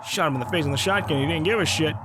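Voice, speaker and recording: A gaming YouTuber playing through a horror game, thinking aloud, swearing and yelling at the screen. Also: male voice, on the high side, rapid-fire, background noise. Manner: excitable, swears, shouts at the game. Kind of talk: horror game let's play commentary. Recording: game music behind the voice.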